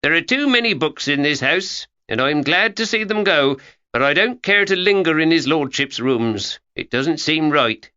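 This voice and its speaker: A woman's voice: low voice, animated, moderate pace, sharp tone, dull audio, voice pushed up. A man voicing Mrs. Partridge, a prim, disapproving housekeeper woman.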